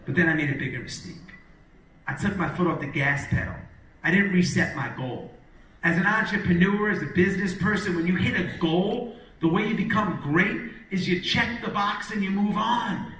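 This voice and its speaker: Male keynote speaker, high bright voice, animated storyteller, echoey hall. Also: normal speed. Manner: animated, acts out other people's lines. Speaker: motivational speaker. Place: large hall with a live audience. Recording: echoey hall, distant mic, faint noise.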